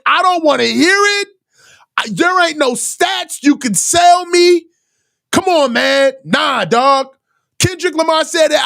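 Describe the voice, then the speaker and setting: A man's voice: extremely high pitch, big pitch swings, slow pace, vocal fry. Exasperated man ranting over a football game. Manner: shouts often in frustration. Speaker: sports reaction host. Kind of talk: live game reaction commentary.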